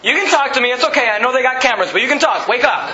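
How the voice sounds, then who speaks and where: A man's voice: very high voice, lively intonation, racing, bright, forceful tone. A man preaching a sermon, emphatic and repetitive, quoting scripture and putting questions to the congregation. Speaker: pastor. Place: church sanctuary. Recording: echoey, dull sanctuary recording.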